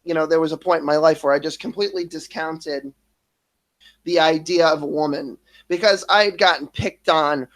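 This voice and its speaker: A man in his thirties telling a painful personal story, swearing often, halting and restarting as he gets emotional. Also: fairly high pitch, fairly bright tone. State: emotional, near tears at times. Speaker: streamer.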